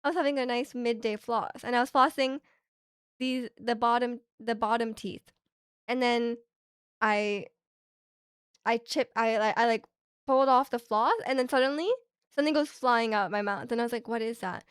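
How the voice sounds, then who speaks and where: A young woman streamer with a slightly high voice, chatting casually and rambling through a long story, often restarting her sentences. Her voice is recorded close and dry, with no room echo behind it. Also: steady tone, moderate pace, pauses often, clean tone. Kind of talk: casual chat. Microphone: streaming microphone.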